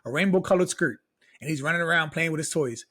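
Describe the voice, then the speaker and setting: A young man co-hosting a casual podcast chat, talking in an animated way that jumps up in pitch when he gets worked up. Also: quick pace. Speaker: podcast co-host.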